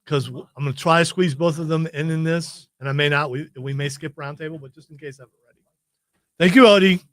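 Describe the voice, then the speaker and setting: A man's voice: fairly high pitch, quick pace, a bit bright, no room sound. A man hosting a casual chat show, teasing his co-hosts and giving them orders. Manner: teasing, bossy and joking. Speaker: podcast host.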